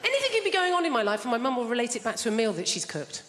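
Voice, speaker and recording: Mujer cómica, charla autocrítica en teatro. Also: female voice, on the high side, very animated, racing. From England. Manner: self-deprecating, chatty, teasing the audience. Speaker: stand-up comedian. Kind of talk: stand-up routine. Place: large theatre stage. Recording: big theatre with long reverb and loud noise.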